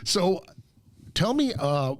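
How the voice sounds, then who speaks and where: A man's voice: high voice, slow pace, a little hiss or hum. A man hosting a podcast, telling a rowdy story in casual chat, swearing freely and acting out the voices of the people in it. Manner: profane, animated storyteller acting out quoted voices. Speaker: podcast host.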